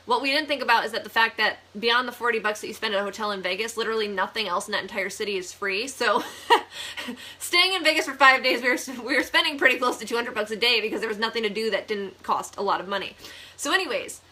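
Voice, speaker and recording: A young woman from the Buffalo area tells a personal story in a casual vlog. Her voice sits a little high and sounds bright. She is chatty and animated and breaks into laughter often. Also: fast talker, a little hiss or hum. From Buffalo, New York area. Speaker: vlogger, real estate agent.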